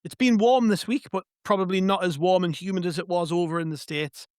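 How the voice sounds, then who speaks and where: A man's voice: sits high, fairly even intonation, fairly quick, darkish tone, clear, resonant tone, no room sound, studio quality. A man hosting a casual football podcast, chatty and joking, rambling with fillers. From North East England. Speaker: podcast host.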